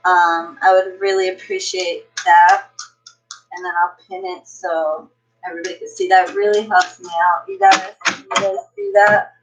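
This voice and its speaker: A woman's voice: lowish voice, normal speed, slight background noise, low-quality recording. A woman tarot reader chatting casually on a livestream, brash and profane, greeting viewers by name.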